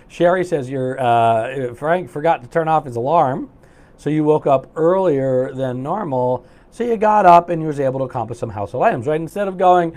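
Host, male, fairly high voice, friendly live-stream coach who reads chat comments and drifts between loose tangents. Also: lively intonation, moderate pace, a little mellow. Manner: upbeat, chatty, reads viewer comments aloud, many fillers.

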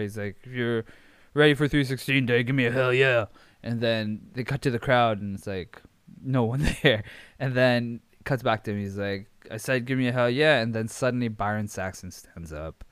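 Young male podcast host, casual rambling recap style, clear voice, dead-dry recording. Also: mid-range voice, dry recording. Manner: rambling, filler-heavy, amused.

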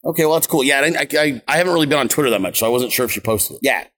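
A man's voice: mid-range voice, expressive, very fast, a bit bright. A man in his thirties hosting a political show, ranting casually outdoors in a brash, mocking way with heavy swearing. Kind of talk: profane casual livestream rant. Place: outdoors on vacation, windy.

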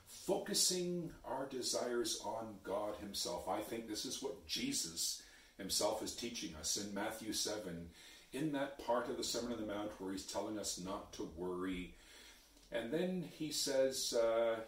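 Male preacher, very low voice, unhurried sermon delivery, echoey and heard from a distance off the mic. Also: expressive. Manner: slow, measured, dropping to a hush on key words.

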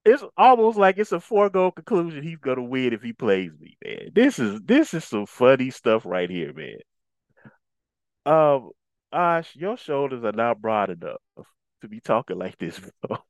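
A man's voice: medium pitch, very animated, normal speed, dry recording. A man co-hosting a casual podcast, laughing often as he fires playful trash-talk back at a rival player. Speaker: podcast co-host.

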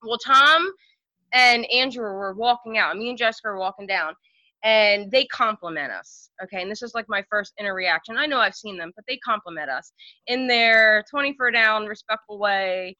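Woman rambling stories on a podcast, lots of um and like, bright tense voice, dry dull sound. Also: mid-range voice, normal speed, no echo. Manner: chatty, many fillers like "um" and "like". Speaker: podcast guest. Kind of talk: casual storytelling.

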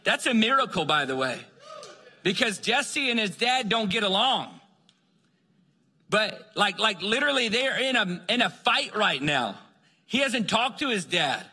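A bright, forceful male preacher tells his story with animated energy, jumping into the voices of the people in it. His slightly husky voice rings out with a long reverb, as in a large hall. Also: high-pitched, unhurried. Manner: animated storyteller acting out dialogue. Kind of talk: sermon storytelling.

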